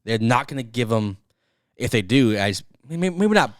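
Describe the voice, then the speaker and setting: A man co-hosting a casual sports podcast, animated and jokey, talking in quick bursts. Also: medium pitch, clear, resonant tone, no echo, studio quality. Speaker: podcast co-host.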